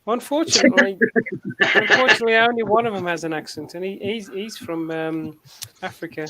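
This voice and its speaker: A man's voice: sits high, moderate pace, a crowd in the background. A man with a Black Country accent hosting a casual online chat, telling long stories with many fillers and restarts. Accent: Black Country English. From England, Black Country. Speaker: host of a live online hangout.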